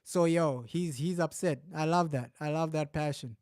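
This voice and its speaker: A man commenting live on a match as a fan, grumbling through the slow spells and shouting with excitement when his team scores. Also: fairly high pitch, dry recording, studio quality. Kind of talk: live watch-along commentary.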